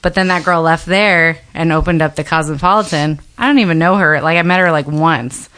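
A woman's voice: low-pitched, fairly quick, a bit bright, clear, resonant tone. A woman telling a road-trip story in casual chat, full of fillers and asides. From Florida. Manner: chatty storyteller, lots of fillers.

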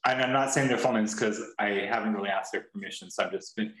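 A man's voice: on the low side, quick pace, a bit bright. A man co-hosting a podcast, talking casually in a rambling way with lots of restarts and free swearing. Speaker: podcast co-host. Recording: roomy echo.

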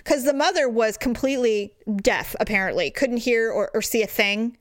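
A middle-aged woman chatting casually about parenting, acting out quotes in sudden high voices. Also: moderate pace, no echo, clean studio sound. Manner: animated storyteller, acts out quotes in high voices. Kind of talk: casual chat.

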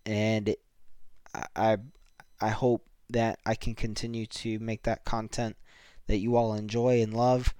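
A young man hosting his own podcast, talking earnestly and haltingly as he signs off the season, a little emotional and grateful. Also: fairly low pitch, monotone, dark tone, clear, resonant tone, dry recording, studio quality. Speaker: podcast host. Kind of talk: solo podcast sign-off.

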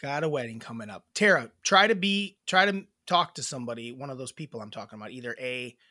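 Casual podcast co-host, male; bright, animated delivery, rambling and jokey, dry close-mic sound. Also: mid-range voice, fast talker, dry recording. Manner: rambling, jokey, many fillers and restarts. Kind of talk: casual chat.

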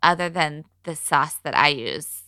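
A woman co-hosting a podcast, chatting casually and rattling off a recipe list in a quick, giggly way. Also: sits low, expressive, sharp tone, clean tone, dry recording, studio quality. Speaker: podcast co-host. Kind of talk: casual chat.

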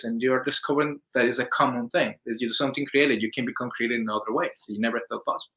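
A man from Colombia with a Colombian Spanish accent, a guest in a casual interview, telling stories in a lively way and acting out quoted voices. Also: mid-range voice, racing, muffled recording. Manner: animated storyteller, acts out quoted voices, restarts often.

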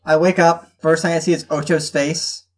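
A woman chatting casually as a player in a tabletop game, laughing and animated. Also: low voice, moderate pace, husky.

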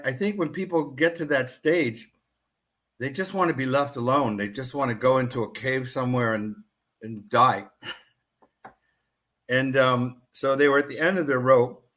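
A man being interviewed about a story he wrote, speaking earnestly and stopping now and then to find his words. His voice sits at an ordinary middle pitch. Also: fairly bright tone. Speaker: author and interview guest.

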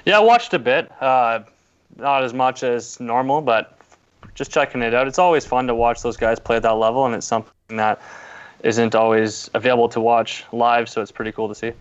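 A man guesting on a casual sports chat, speaking calmly and agreeably. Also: mid-range voice, normal speed, smooth. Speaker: podcast guest. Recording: slightly muffled sound.

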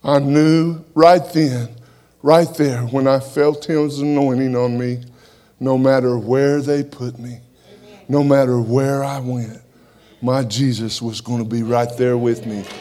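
A man giving a church testimony, telling his story in an animated way and punctuating it with "amen" as he speaks. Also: mid-range voice, slow pace.

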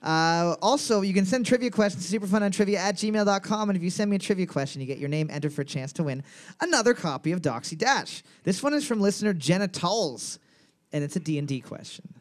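A man with a high, fast voice and lively intonation acts as trivia host for a podcast's live night. He reads out questions, jokingly teases the players, and laughs a lot.

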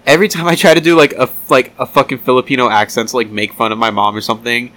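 A young man trades jokes on a podcast in a bright, lively voice. He rambles through his stories with plenty of swearing and filler words. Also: mid-range voice, fast talker. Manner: profane, rambling storyteller with many fillers. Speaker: podcast co-host. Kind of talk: casual chat.

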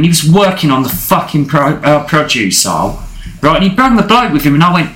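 A man's voice: fairly high pitch, sing-song, fairly quick, a bit bright, roomy sound. A man co-hosting a podcast, telling crude stories in casual chat and swearing freely. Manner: crude, laughing storyteller. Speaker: podcast co-host.

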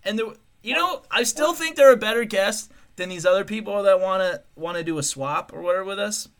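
A man hosting a podcast with a bright, sharp voice that jumps all over in pitch. He trades crude, profane jokes in casual chat and laughs often. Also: animated, fairly quick. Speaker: podcast host.

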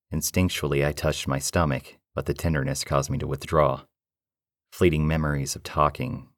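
A man narrating a first-person horror story in a low, steady, measured way. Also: no room sound, studio quality.

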